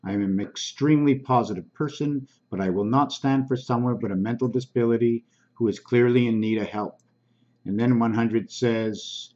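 A man hosting his own channel, slowly reading comments aloud in a halting, casual way with frequent ums. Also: mid-range voice, mellow, lo-fi sound.

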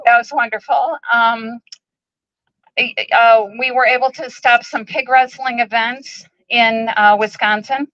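A woman with a fairly high voice addresses a rally outdoors, emotional and halting, pausing often with ums. The sound is dry and a bit dull, like a live stream. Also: fairly even intonation, a bit bright, no echo. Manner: emotional, halting, many ums, tearful at times. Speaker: animal rights group president speaking at a rally. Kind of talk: public speech at an outdoor protest. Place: outdoor protest march.

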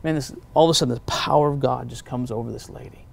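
A man, a pastor, telling personal testimony stories in a relaxed conversation, acting out the voices of the people he quotes. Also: mid-range voice, fast talker, creaky, breathy edge. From United States.

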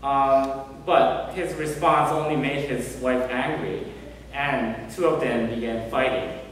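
A male reverend telling a story in a sermon, gentle and unhurried with many pauses. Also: medium pitch, a little hiss or hum. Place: temple hall. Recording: echoey hall from far off.

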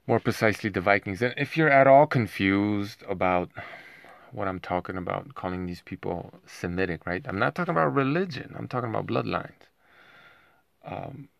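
A man's voice: low voice, creaky, no echo, clean studio sound. A man talking in a rambling monologue at home, often tagging his points with a questioning aside. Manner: rambling, keeps asking "right?". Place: home with dogs nearby.

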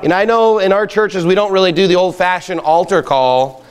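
A man's voice: high-pitched, fairly even intonation, moderate pace, smooth. A male pastor preaching a fiery sermon at a church camping trip, emphatic and exhorting. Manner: emphatic, rising to loud exhortation. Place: outdoor campsite gathering.

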